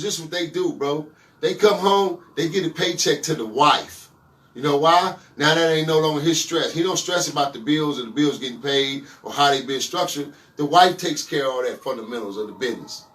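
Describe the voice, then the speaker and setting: A man hosting a casual podcast with a Los Angeles accent, talking in an animated, profane way with hype interjections. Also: fairly high pitch, distant mic. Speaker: podcast host.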